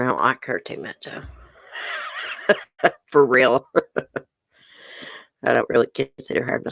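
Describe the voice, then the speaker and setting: A woman's voice: a bass voice, vocal fry, a bit bright, dry recording. A middle-aged woman with a Southern US accent, hosting a casual livestream, chatty and laughing often as she talks to viewers. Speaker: livestream host. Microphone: webcam or phone close up.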